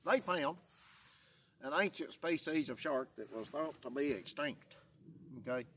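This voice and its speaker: A man's voice: on the high side, lively intonation, a little slow, fairly bright tone, breathy edge. A man, chatting in a folksy, rambling way for his vlog while out in the woods, tired after a long day. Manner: folksy, rambling, repeats himself. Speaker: vlogger. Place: outdoors in the woods.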